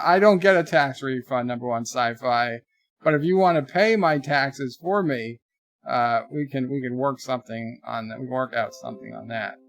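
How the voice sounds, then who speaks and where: In a slightly high, fairly bright voice, a man in his forties hosts a livestream, chatting casually and lifting his voice to read viewer messages aloud. The studio-quality recording has no echo.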